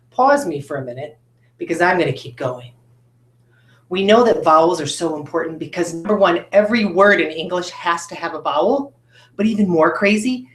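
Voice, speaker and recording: A woman teacher leads a recorded phonics lesson in a classroom, upbeat and direct with her students. Her voice sits fairly low. The room around her is echoey, picked up by a camera mic. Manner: upbeat, talks straight to students with frequent checks like "right?". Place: classroom with a whiteboard.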